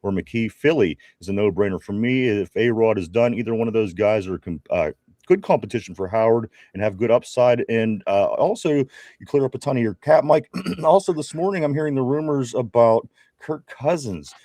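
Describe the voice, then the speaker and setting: A man's voice: medium pitch, moderate pace, mellow, dry recording. A man co-hosting a live sports podcast with a Pittsburgh accent, reading viewer comments aloud in a chatty way. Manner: reads viewer comments aloud, chatty, many fillers and restarts. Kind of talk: casual live-stream chat.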